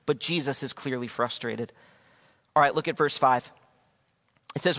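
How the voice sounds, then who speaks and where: A man's voice: mid-range voice, normal speed, pauses often, a bit bright. A man preaching a sermon as pastor, talking conversationally and acting out the scriptures. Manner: conversational, acts out quotes.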